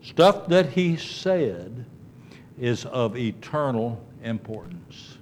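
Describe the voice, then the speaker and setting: A man preaching a sermon in a conversational way, dropping low and soft when he quotes scripture. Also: very animated, slow pace, a little hiss or hum. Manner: conversational preaching, asides like "okay" and "don't sweat it". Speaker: pastor.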